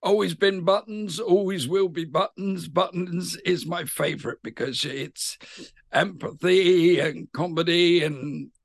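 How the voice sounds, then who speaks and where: A man's voice: high-pitched, measured pace, no echo, studio quality. A middle-aged man with a West Country English accent, a pantomime actor chatting enthusiastically in an interview. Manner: chatty and enthusiastic, animated storytelling. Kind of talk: casual interview chat.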